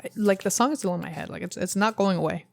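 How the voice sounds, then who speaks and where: A woman's voice: medium pitch, quick pace, creaky. A woman giving a casual tarot reading to camera, rambling and thinking aloud with many fillers. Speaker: tarot reader.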